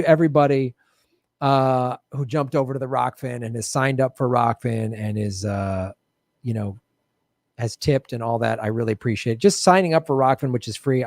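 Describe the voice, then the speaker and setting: A man's voice: mid-range voice, a little mellow, no room sound, clean studio sound. A male livestream host in casual sign-off chat, loose and chatty, laughing often and thanking viewers by name.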